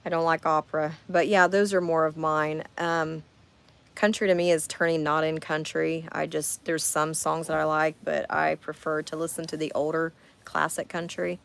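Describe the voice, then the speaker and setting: A woman's voice: low-pitched, level tone, moderate pace, vocal fry, fairly bright tone, smooth. A woman, reading viewer comments and chatting on her livestream from a camping trip. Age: 40s. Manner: chatty, talks straight to viewers. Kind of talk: casual chat. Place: camper while on a camping trip.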